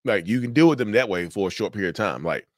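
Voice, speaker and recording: Low-voiced man talking casually to viewers. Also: expressive, quick pace, no echo, clean studio sound. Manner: conversational, repeats himself, addresses viewers as y'all. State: sleepy, yawning. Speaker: mental health channel host. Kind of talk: casual talk to camera.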